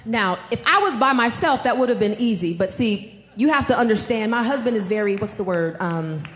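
A woman preaching a sermon, telling a personal story with animated delivery and calling the audience y'all. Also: on the high side, fairly quick, reverberant, slight background noise.

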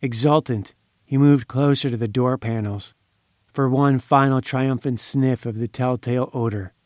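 A man narrating a pulp crime story in a measured, dramatic way. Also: mid-range voice, fairly even intonation, darkish tone, no echo, studio quality.

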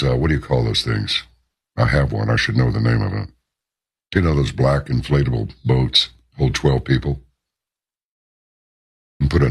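A talk radio host delivers an on-air opinion monologue, leaning hard on every stressed word. His voice sits very low, gravelly with fry and a husky, raspy edge.

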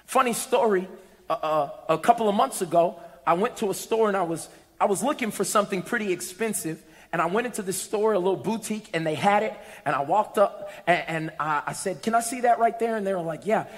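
A man with a high voice preaches a sermon in a church. His delivery is animated storytelling that climbs into shouts, and his voice rings with a long reverb in a big sanctuary. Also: fairly quick.

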